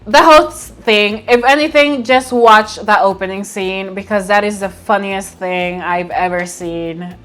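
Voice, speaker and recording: A woman casually recapping and reviewing a movie at home by her window, chatty and expressive, often laughing as she retells scenes. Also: mid-range voice, unhurried, hardly any pauses, faint music behind.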